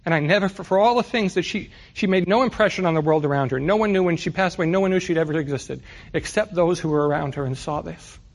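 A man's voice: on the high side, fast talker. A middle-aged man from New York City preaching a conversational sermon, often putting rhetorical questions to his listeners. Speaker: pastor.

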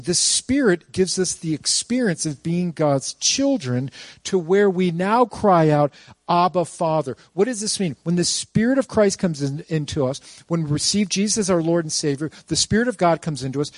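Pastor, man, higher voice, dry close sound; animated preacher who quizzes the room and jokes. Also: dry recording. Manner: animated, asks the congregation rhetorical questions; playful asides and jokes. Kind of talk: sermon.

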